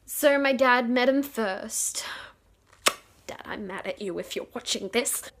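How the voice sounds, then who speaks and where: A young woman telling a rambling, excited storytime, giggling and acting out quotes loudly. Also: fairly high pitch, takes it slowly. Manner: excitable, giggly, acts out quotes with bursts of loudness; rambling with many fillers and restarts. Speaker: vlogger. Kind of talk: casual storytime.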